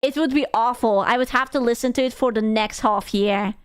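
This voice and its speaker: High-voiced woman streamer, crude teasing banter. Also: a little fast, clean tone, dry recording, studio quality. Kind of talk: casual live-stream chat.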